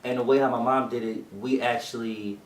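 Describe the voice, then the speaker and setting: A man's voice: mid-range voice, steady tone, fairly quick. Giggly young man in an echoey room. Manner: laughs easily, rambling storytelling. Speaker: talk show co-host. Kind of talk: casual chat. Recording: roomy echo, mic far off.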